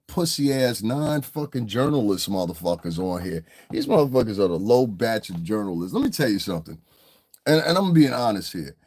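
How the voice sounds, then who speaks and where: Man ranting on a livestream, blunt and profane, mid-pitch voice. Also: a little mellow. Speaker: livestream commentator. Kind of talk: casual livestream rant.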